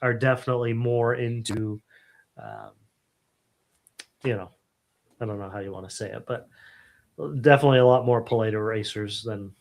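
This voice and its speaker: A middle-aged man hosting a casual live stream, telling animated stories and acting out quotes. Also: lowish voice, normal speed, long pauses. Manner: animated storyteller, acts out quotes. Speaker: host.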